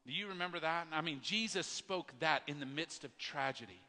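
Preacher guy, high voice, really bright and forceful, big church reverb. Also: brisk. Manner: earnest, emphatic preaching with repeated restarts. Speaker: pastor. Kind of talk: sermon. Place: large church worship center. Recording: long hall reverb.

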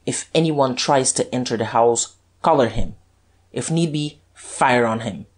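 Reader doing husky low detective, terse and guarded, audiobook. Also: male voice, moderate pace, a little mellow. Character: Guerchard, tense, husky male police detective.

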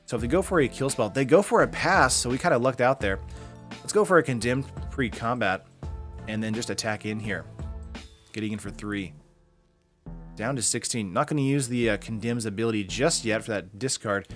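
A man's voice: medium pitch, moderate pace, a bit bright, soft background music. A man hosting a card game channel, casually breaking down a deck and commentating his matches with lots of fillers.

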